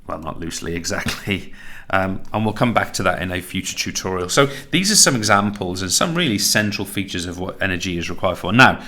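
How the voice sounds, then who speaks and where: A man's voice: low-pitched, lively intonation, a little fast, sharp tone. A man teaching a recorded tutorial lesson, chatty and self-correcting, laughing at his own slips.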